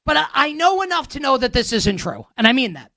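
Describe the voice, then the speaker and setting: A man's voice: very high voice, sing-song, a little fast, creaky, sharp tone, dry recording, studio quality. A man hosting a sports betting show, delivering a heated, sarcastic rant with emphatic repetition. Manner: sarcastic, ranting.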